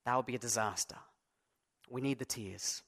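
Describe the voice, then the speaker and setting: A man's voice: mid-range voice, moderate pace, a bit bright. A man preaching a sermon as pastor, conversational and self-deprecating, stressing key words. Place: church.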